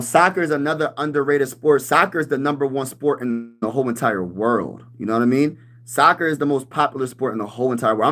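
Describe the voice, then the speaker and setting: A man in his thirties hosting a casual sports livestream, talking loose and slangy, calling everyone "bro" and breaking into shouts when he gets riled up. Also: medium pitch. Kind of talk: casual livestream chat reading comments.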